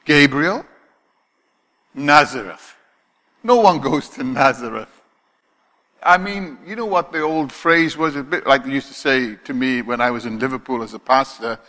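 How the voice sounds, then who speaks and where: A man preaching a sermon, his voice bright and forceful. He speaks with emphasis, often putting questions to the congregation. Long reverb from a large church hall hangs behind his words. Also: medium pitch, unhurried, pauses often. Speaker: pastor.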